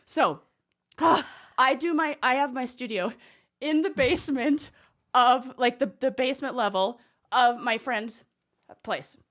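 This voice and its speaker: High, bright-voiced woman chatting. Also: takes it slowly. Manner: panicky, breathless, exclaiming. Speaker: podcast co-host. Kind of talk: casual chat. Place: home basement studio.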